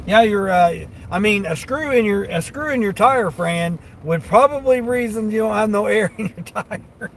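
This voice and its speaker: Livestreaming from inside his vehicle, a delivery driver rambles folksily to his chat and chuckles often. His voice is high and a bit bright, with lively intonation and a moderate pace, over a little hiss or hum.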